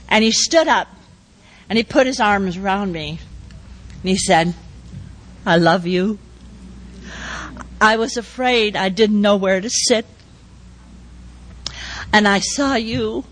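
An older woman giving a speech, telling a personal story and acting out the dialogue in a measured way. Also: medium pitch, poor audio. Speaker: speaker.

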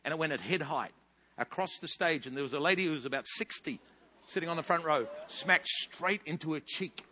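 Male pastor, fifties, New Zealand accent, lively storyteller with a bright, high voice. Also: fairly quick. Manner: animated storytelling with big loud rises. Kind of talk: sermon. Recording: long hall reverb.

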